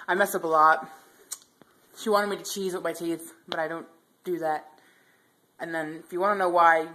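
A young woman vlogging casually at home on a handheld camera, chatty, giggly and rambling. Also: deep voice. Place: house, indoors.

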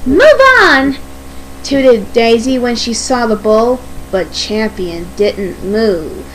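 Female storybook narrator, high and unhurried, expressive read-aloud. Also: a little hiss or hum, low-quality recording. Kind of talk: storybook reading.

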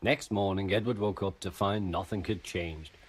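A man narrating a children's storybook tale in an expressive, animated way. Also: low voice, moderate pace, husky.

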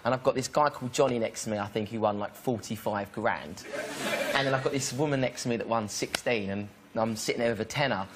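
A man's voice: mid-range voice, fast. A young man, a chat show guest chatting and laughing through a story. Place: television studio with audience. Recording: noisy studio, loud audience.

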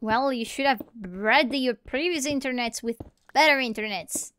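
A woman's voice: sits high, normal speed, hardly any pauses, a bit bright, smooth. Playful woman narrating her game. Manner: rambling, playful self-talk. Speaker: gamer playing solo. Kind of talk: let's play commentary.

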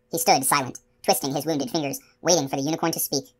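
A woman narrating a fantasy novel aloud in a steady, measured storytelling manner. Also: low-pitched, husky. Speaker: audiobook narrator.

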